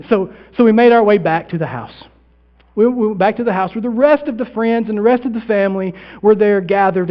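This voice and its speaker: A pastor performing a first-person dramatic monologue in a sermon, with long pauses, sinking to a hush and then swelling loud. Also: male voice, high-pitched, lo-fi sound. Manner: theatrical storytelling with long pauses, dropping to near-hushed then swelling loud.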